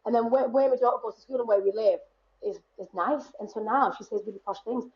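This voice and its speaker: A Northeast English woman in her late thirties talks as a podcast guest, animated and quick to laugh. Her voice sits a little high for a woman. The recording is slightly muffled. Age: 30s. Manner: chatty, animated, laughs often. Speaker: guest performer. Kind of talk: casual podcast chat.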